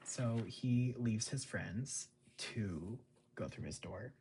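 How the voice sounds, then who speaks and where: A man's voice: medium pitch, takes it slowly, warm tone, a little hiss or hum. A man casually recapping a TV episode, rambling with lots of fillers. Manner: rambling, filler-heavy, chuckles often. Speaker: show recap host.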